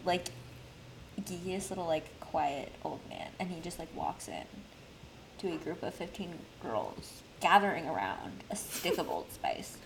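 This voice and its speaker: A woman's voice: lowish voice, gravelly, noisy background. A young woman co-hosting a podcast, telling stories in a chatty, self-mocking way. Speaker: podcast co-host. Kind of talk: casual chat.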